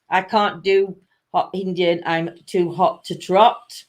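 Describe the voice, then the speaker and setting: A woman's voice: fairly low pitch, fairly even intonation, slow pace. Giggly South Yorkshire woman chat host. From Sheffield, England. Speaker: host of a weekly chat show. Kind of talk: casual live-stream chat, reading out viewer comments.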